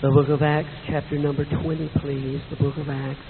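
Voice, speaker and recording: A middle-aged man preaching a sermon in a church with a hoarse, weak voice, telling folksy stories with self-deprecating asides. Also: fairly high pitch, flat delivery, a little fast. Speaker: visiting preacher. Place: church sanctuary. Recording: tinny echoey church recording with hiss.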